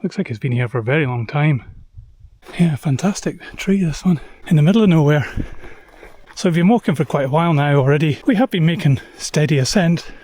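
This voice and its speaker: A man narrating his hill walk casually to the camera, relaxed and self-deprecating, pausing often on "uh" while outdoors on an open hillside. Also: on the high side, no echo. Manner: chatty, relaxed, self-deprecating, with frequent "uh" pauses. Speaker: hiking vlogger. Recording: outdoor recording with wind noise.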